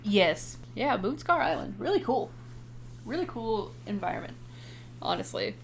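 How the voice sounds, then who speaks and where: A young woman co-hosting a podcast chats casually recapping a movie, swearing now and then and laughing often. Her medium-pitched voice is creaky, swings widely in pitch, and moves at a measured pace. There's a little hiss or hum.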